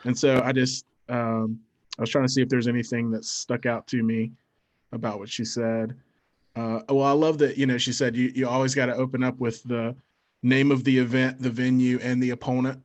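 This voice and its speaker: A man's voice: mid-range voice, flat delivery, moderate pace. A man co-hosting a podcast in casual chat, eager and quoting his own reactions. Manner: enthusiastic, quotes himself.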